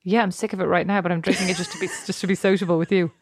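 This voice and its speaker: A woman bantering on a podcast, quick and teasing, cutting in on her co-host. She speaks fast at a middle pitch. The recording is dry and close. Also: steady tone, dry recording. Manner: teasing, quick, talks over her sister. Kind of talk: casual chat.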